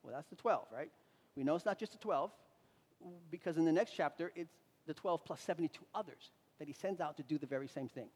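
A man preaching a sermon as a pastor, swinging between loud emphatic lines and quiet asides. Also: a little high, fairly quick. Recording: reverberant hall.

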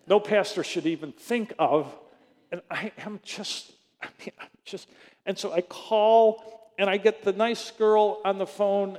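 A middle-aged man preaches a sermon, telling a story in an animated way. His voice sits high for a man, and he acts out both sides of phone calls. A long reverb trails off his words in the church hall. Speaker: pastor.

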